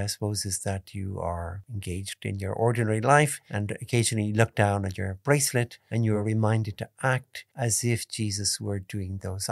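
A priest giving a calm, measured spoken meditation, stressing key points by repeating them. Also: male voice, lowish voice, gravelly, no room sound, studio quality. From Ireland. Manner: calm, measured teaching tone with emphatic repetitions.

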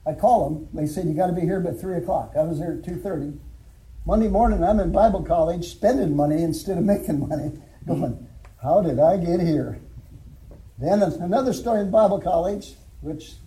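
A man's voice: sits high, moderate pace, mellow, rough recording. An older man, a former alcohol counselor, telling his testimony and preaching in a folksy storytelling way with chuckles. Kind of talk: church testimony and sermon.

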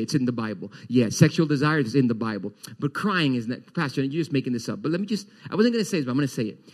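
A man preaching a Sunday sermon as pastor, animated, repeating words and voicing the congregation's questions. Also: medium pitch.

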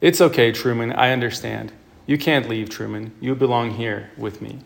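A man voicing a middle-aged male television show creator who speaks in a calm, persuasive, possessive way. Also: mid-range voice, moderate pace, creaky, slight background noise, close to an everyday voice. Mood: soothing.

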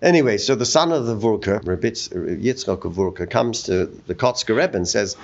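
A man teaching a Torah text in a study discussion, telling stories with animated acted-out voices. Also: fairly low pitch, normal speed, hardly any pauses. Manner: animated storytelling, acts out quoted voices. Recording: dull lo-fi recording.

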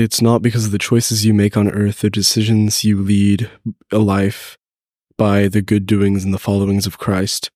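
A man's voice: lowish voice, darkish tone, no room sound, clean studio sound. A teenage boy, congested with a cold, answering faith questions thoughtfully and a bit hesitantly as a podcast guest. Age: teens. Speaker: guest, host's son. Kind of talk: casual faith podcast conversation.

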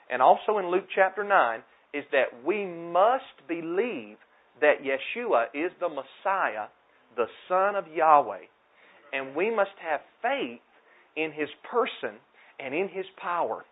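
A man's voice: a little high, sing-song, a little slow. A man preaching a sermon from a pulpit, emphatic and repeating his key phrases. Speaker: pastor. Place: church sanctuary at a pulpit. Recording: tinny phone-like sound.

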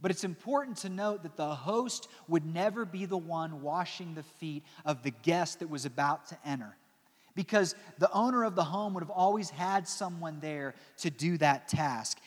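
A man preaching a sermon, telling the story dramatically, dropping into soft, slow passages and adding joking asides. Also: a little high. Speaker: pastor. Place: church. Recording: long church reverb.

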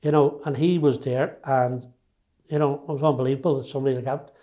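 A man in his sixties with a Derry accent talks in a mellow, darkish voice at a middling pitch. He speaks emphatically, often restarting his sentences as he tells his own story. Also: steady tone, quick pace. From Northern Ireland. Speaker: interviewee. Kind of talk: personal storytelling.

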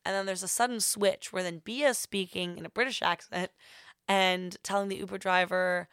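Young female podcast host, gravelly voice, dry close sound, rambling casual storyteller. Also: mid-range voice, fairly even intonation, normal speed, fairly bright tone, dry recording. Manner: rambling, heavy on filler words.

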